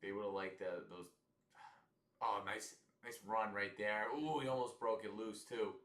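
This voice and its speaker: Casual lower-voiced man in an echoey room. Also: unhurried, fairly bright tone. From United States. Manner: loose, chatty, reacting to plays, mock ad reads. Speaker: host of a live football watch-along stream. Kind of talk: casual live game commentary and reactions.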